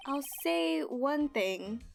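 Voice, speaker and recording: A woman voicing an aloof male prosecutor in a game, reading his lines low, quiet and dry. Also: lively intonation, extremely slow, gravelly, soft background music, heavily acted. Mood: cool, dry. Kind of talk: reading game dialogue aloud.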